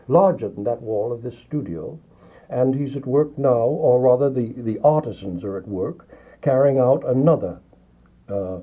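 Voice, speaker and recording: Husky man telling stories on old radio. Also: medium pitch. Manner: lively anecdotal storyteller, acts out quoted dialogue. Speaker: guest artist. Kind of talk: radio interview, storytelling. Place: radio studio. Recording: narrow lo-fi 1950s radio archive.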